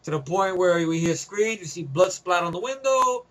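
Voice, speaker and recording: A man's voice: high voice, lively intonation, moderate pace, fairly bright tone, a little hiss or hum. A man giving a casual, loose movie review, swearing freely and chuckling often.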